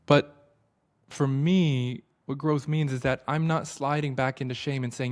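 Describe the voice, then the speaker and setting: A man in his thirties speaks at a middle pitch, earnest and reflective. He talks casually, with loose fillers and restarts. He drops into a slower, deliberate pace for the points that matter most. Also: fairly even intonation. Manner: earnest and reflective, slowing for emphasis. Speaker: book study host. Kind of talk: reflective spoken talk.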